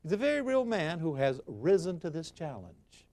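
Man telling an ancient tale with lively pitch. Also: normal speed. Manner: dramatic and expressive, acts out quotes. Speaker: history lecturer. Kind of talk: storytelling lecture.

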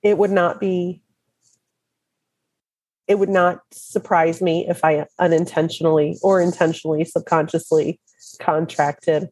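A woman co-hosting a podcast in casual chat, a bit hoarse from illness, telling stories with frequent laughs. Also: on the low side, flat delivery, a little slow, darkish tone, no room sound. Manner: laughs often, chatty storytelling. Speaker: podcast co-host.

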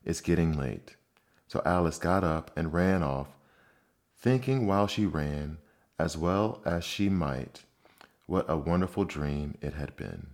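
Deep slow male storybook narrator. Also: lively intonation. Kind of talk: storybook reading.

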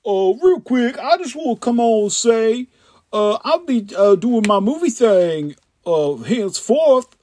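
A man's voice: very high-pitched, very animated, unhurried, darkish tone, pitched above the performer's own voice, exaggerated voice. A man playing a young male stoner who rambles through a pop culture review in heavy street slang. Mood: rambling. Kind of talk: comedy sketch monologue.

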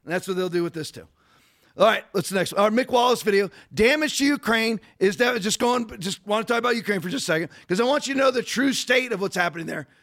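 A man hosting a podcast, giving fast, digressive political commentary full of rhetorical questions. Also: sits high, expressive, a bit bright. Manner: rapid, digressive, rhetorical ranting. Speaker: podcast host.

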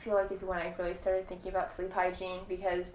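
A woman's voice: on the low side, fast talker, slight background noise. Young woman podcast host, roomy sound. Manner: chatty, laughs often, lively storytelling. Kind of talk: casual podcast chat. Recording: roomy echo.

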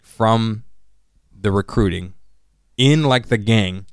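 Animated man retelling a story. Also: slow, clean tone, no echo, clean studio sound. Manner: animated storyteller, acts out character lines in jumpy high voices. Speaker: podcast co-host recapping an anime. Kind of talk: casual chat.

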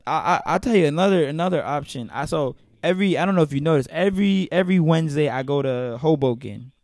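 A man's voice: on the high side, expressive, fast, darkish tone, dry recording. A young man ranting profanely in a casual podcast chat, full of mock quotes. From New York. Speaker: podcast host.

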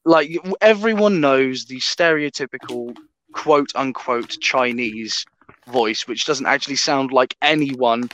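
A man's voice: mid-range voice, measured pace, a bit bright, a little hiss or hum. A man in casual podcast chat, talking emphatically and swearing freely.

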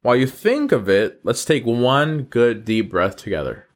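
On his upbeat good-news podcast, a North Carolina man speaks with warmth, earnestness and encouragement toward his listeners. His voice sits in the mid range, expressive, with a measured pace.

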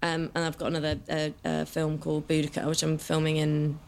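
A woman with a fairly low voice talks freely as a podcast guest, casual and quick to swear. Faint background noise sits under the recording. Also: monotone, darkish tone. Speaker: actress guest. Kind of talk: casual chat.

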